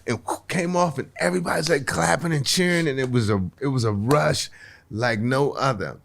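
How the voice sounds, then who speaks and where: A male comedian sits in as a podcast guest and unspools a personal story. He talks in an animated way, doubling back on his words and acting out the people he quotes. His voice sits at an ordinary middle pitch for a man. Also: fairly quick, vocal fry. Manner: animated, repeats words at restarts, acts out voices. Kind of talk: storytelling anecdote. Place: podcast recording.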